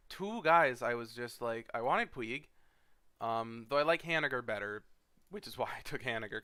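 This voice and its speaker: A young man who serves as a fantasy league commissioner rambles through a casual recap in screen-share commentary, full of fillers and blunt, profane asides. He sounds sleepy and yawns. His medium-pitched, expressive voice is pushed and bright, at a moderate pace, with a clean tone on a dry recording.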